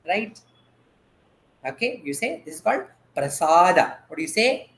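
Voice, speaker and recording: A man's voice: high voice, very animated, normal speed, fairly bright tone. A male dance teacher, teaching online. He asks simple questions and has the class repeat each term. His voice comes through a video call from an echoey room.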